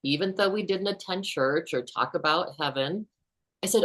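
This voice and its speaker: A woman in her fifties, a guest author, telling a personal story in an earnest, unhurried way. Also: low-pitched, fairly bright tone.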